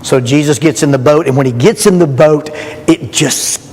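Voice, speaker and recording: A man's voice: a little high, moderate pace, husky. Folksy man preaching in a hall. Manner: folksy, joking, animated storytelling. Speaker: youth rally speaker. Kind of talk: storytelling sermon. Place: church hall. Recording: long hall reverb.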